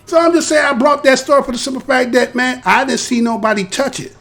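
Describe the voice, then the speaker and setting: A man's voice: extremely high pitch, steady tone, fast talker, gravelly, fairly bright tone. An American man hosting a live show, giving casual commentary in a talkative, rhetorical way and often tagging his points with a question. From United States. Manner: conversational, rhetorical, tags points with "right?".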